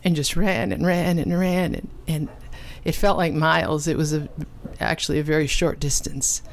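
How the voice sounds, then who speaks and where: A woman and ministry cofounder giving an earnest, emotional personal testimony, with dramatic pauses. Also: low voice, gravelly. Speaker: ministry cofounder and conference speaker.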